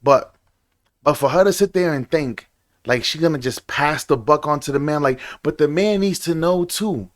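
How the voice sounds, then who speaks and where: A man's voice: a little high, normal speed. A young man hosting a reaction video, ranting casually and swearing often.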